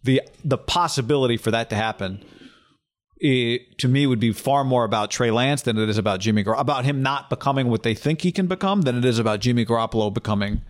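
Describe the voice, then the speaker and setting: A fast-talking man co-hosting a casual sports talk show. His voice sits at an ordinary middle pitch, and he rattles through his points quickly, joking as he goes. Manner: rapid, animated, jokey, breaks into playful impressions.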